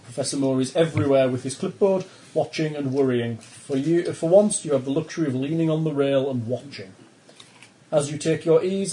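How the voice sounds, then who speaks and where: A man narrating a tabletop horror game as game master in a steady storytelling way. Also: a little high, poor audio.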